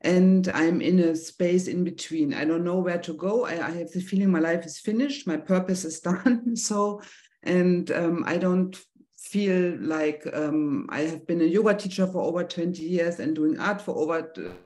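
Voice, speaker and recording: A woman's voice: fairly low pitch, normal speed, mellow. A middle-aged woman with a German accent, a native German speaker, hesitantly and nervously asking a teacher a personal question over a video call. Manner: hesitant, nervous, searching for words.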